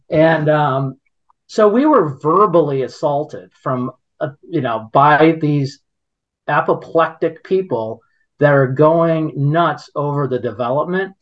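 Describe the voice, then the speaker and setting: Slow-talking indignant man, dull recording. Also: a little high. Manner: indignant, rambling with restarts. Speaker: podcast host. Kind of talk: casual storytelling chat.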